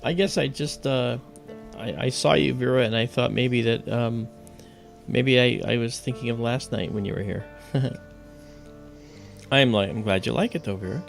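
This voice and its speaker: A man's voice: medium pitch, steady tone, normal speed, creaky, soft background music. A man hosting an astronomy livestream, explaining things step by step in a loose, casual way.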